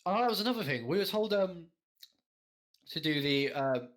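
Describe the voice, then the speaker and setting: A man's voice: a little high, lively intonation, moderate pace, a bit bright. A young man, co-hosting a podcast in a rambling, storytelling way with a lot of swearing. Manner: rambling storyteller, heavy swearing, frequent laughs. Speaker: podcast co-host. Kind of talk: casual chat.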